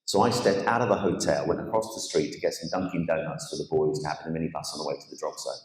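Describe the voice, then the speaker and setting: Deep-voiced man telling a story. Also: fast. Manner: animated storyteller, acts out quoted voices. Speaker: guest speaker. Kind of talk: storytelling testimony on stage. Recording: echoey church hall.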